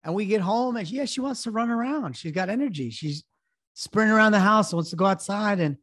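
A man's voice: high-pitched, lively intonation, fairly quick, a bit bright, no echo, clean studio sound. A man in his thirties, a podcast co-host, telling a self-deprecating story in casual sports betting chat. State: recovering from illness.

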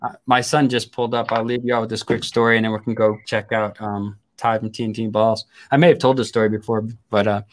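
A man's voice: fairly low pitch, little pitch movement, quick pace. Crude, laughing man telling stories. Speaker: host. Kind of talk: casual storytelling chat.

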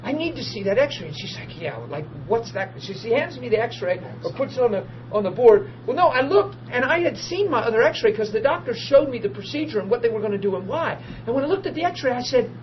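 A man preaching a testimony as a story, excitable, bursting into laughter and shouts. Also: very high-pitched, a little fast. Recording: muffled recording with steady hum.

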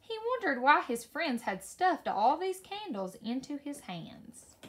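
Slow, sing-song woman reading a story. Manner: slow, expressive read-aloud with lively pitch. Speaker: story reader. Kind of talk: children's story read aloud.

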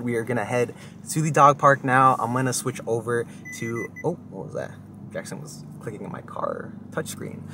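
A young man talking casually to camera in a relaxed, chatty vlog, with faint music behind him. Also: background noise. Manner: relaxed, chatty, talks to his dog in a high excited voice. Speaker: vlogger and dog owner.

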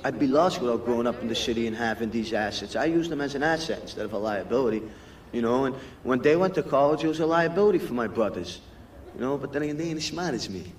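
A man's voice: mid-range voice, lively intonation, fast. A man talking boastfully about growing up in the city. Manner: cocky, boastful. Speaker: interviewee. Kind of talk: casual bragging. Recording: distant archive recording with faint hiss.

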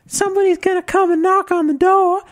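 A man voicing a frightened Southern-belle wife in a high falsetto with a put-on Southern accent. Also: little pitch movement, a little fast. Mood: fearful.

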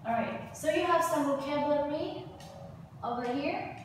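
A woman English teacher, drilling a class in slow, clear repeat-after-me prompts. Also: sits high. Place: school classroom. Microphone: far camera. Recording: echoey, distant, noisy classroom. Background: students and classroom noise.

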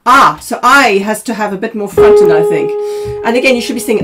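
A woman coaching opera singers in a masterclass, probing and quick, humming snippets of the music as she talks. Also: mid-range voice. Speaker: vocal coach.

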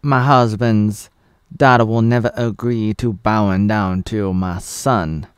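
A man's voice: lowish voice, fairly even intonation, takes it slowly, clear, resonant tone, no room sound, clean studio sound. A man voicing a haughty, scheming adult queen in a raised, imperious courtly tone, as a vlogger's impression. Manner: imperious, stiff courtly phrasing.

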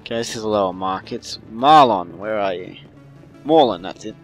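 While playing through a story game, a man offers loose, casual commentary, rambling, swearing and joking to himself. His pitch moves a lot with lively intonation at a normal speed, and faint game music plays underneath.

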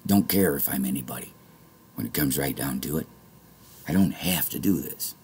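A man vlogging a rambling monologue to his viewers, swinging from low muttering to angry shouting and swearing often. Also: normal speed, a little hiss or hum.

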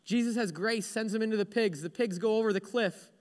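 A man's voice: high-pitched, a little fast, darkish tone, long reverb tail. A male pastor preaching a sermon, retelling stories with humorous, self-deprecating asides.

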